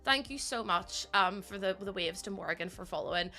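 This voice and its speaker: A woman's voice: medium pitch, expressive, normal speed, pushed and bright. A young woman streamer chatting bubbly with her viewers while building in a game, laughing often.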